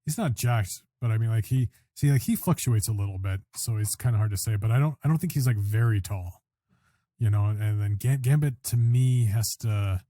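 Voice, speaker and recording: A man's voice: fairly low pitch, brisk, mellow, dry recording, studio quality. A man co-hosting a casual podcast chat, talking in a chatty, agreeable way with lots of "you know" and "like.". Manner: chatty, filler-heavy, agreeable. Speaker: podcast co-host.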